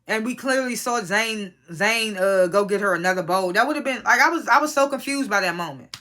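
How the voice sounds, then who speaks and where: Casual show reviewer, bright and forceful tone, rambling and profane, mid-range pitch. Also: expressive, a little fast. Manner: rambling, profane, incredulous asides. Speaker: TV episode reviewer.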